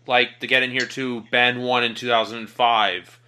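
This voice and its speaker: A man's voice: medium pitch, level tone, normal speed, noisy background. A man chiming in on a football podcast, rambling with lots of fillers. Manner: rambling, many fillers, talks in long runs. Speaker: podcast co-host. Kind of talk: casual sports debate.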